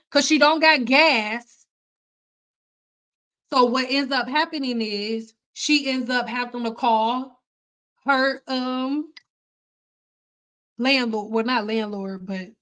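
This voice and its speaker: A woman's voice: fairly high pitch, a bit bright. A woman hair stylist hosting a livestream, telling candid stories in a casual, emphatic way. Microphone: computer mic on a livestream.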